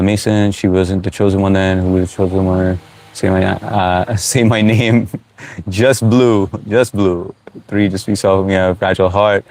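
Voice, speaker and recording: A middle-aged American man with a very deep, low voice hosts a casual live stream. He's relaxed and easygoing, reading viewer chat comments aloud and filling gaps with lots of "uh"s.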